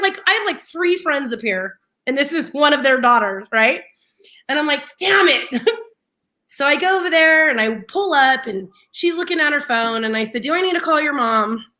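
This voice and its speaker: A young adult woman co-hosting a radio show, telling a story animatedly and laughing often as she acts out what people said. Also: high-pitched. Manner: animated, laughs often, slips into quoted voices. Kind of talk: casual morning-show storytelling.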